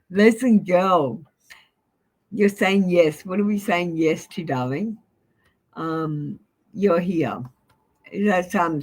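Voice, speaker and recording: A woman's voice: lowish voice, a little mellow, low-quality recording. Blunt, sweary woman in her forties. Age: 40s. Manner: apologetic. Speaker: tarot reader. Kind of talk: live-stream tarot reading chat.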